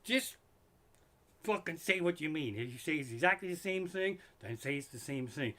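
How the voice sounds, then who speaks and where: A man's voice: a little high, animated, normal speed, sharp tone. A middle-aged man, a stand-up comedian, doing an exasperated, profane comedy rant live from his living room. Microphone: microphone in front of him.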